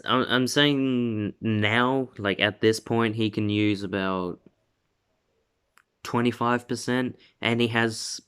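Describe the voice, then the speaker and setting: A man's voice: fairly low pitch, clean tone. A young man casually retelling a fan story, rambling with lots of "like" and self-corrections. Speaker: video creator.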